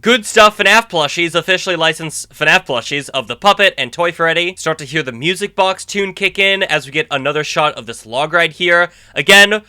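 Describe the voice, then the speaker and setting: A man's voice: a little high, expressive, moderate pace, few pauses, sharp tone, clear, resonant tone. A man hosting a YouTube video, chatting enthusiastically through a trailer breakdown and thinking aloud as he goes. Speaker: YouTube host. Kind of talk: excited trailer breakdown commentary.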